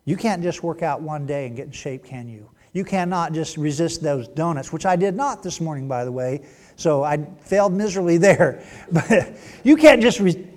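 A man preaching a sermon in a church, joking and teasing, then dropping to a hushed voice. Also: a little high, moderate pace. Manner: playful, teasing, swings from loud to hushed. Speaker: pastor. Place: church sanctuary.

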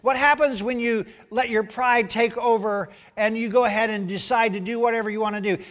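Animated high-voiced male preacher. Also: a little fast. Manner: animated, acts out quotes loudly, then drops to a hushed aside. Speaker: pastor. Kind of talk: sermon. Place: church.

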